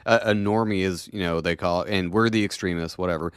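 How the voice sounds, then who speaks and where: A man's voice: sits low, fairly even intonation, fast, clean tone, dry recording, clean studio sound. A man hosting a casual podcast, joking with wry quips.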